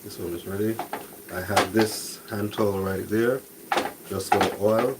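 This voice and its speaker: A deep-voiced man hosts a cooking channel, chatting softly with his live stream as he makes breakfast in his home kitchen. He's relaxed and chatty, a little slow. The recording is very noisy with cooking sounds behind him.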